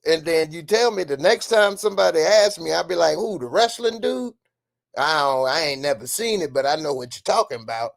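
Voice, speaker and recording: A man's voice: on the high side, a little fast, gravelly, few pauses. Man ranting emphatically on a live stream. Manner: emphatic, ranting, reads out viewer comments. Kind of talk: casual live-stream commentary.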